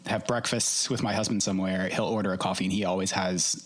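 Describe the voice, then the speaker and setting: This is a man speaking in a slightly low voice. He talks in a loose, chatty way as a podcast guest, laughing easily and stumbling over his restarts. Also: fairly even intonation, fast. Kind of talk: casual podcast chat.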